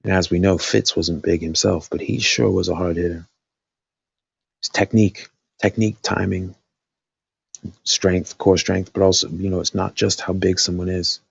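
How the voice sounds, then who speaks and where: A man's voice: deep voice, steady tone, normal speed, vocal fry, slightly rough, no echo, dull audio. A man hosting a casual live stream, thinking aloud with lots of fillers, his voice dry after talking all night.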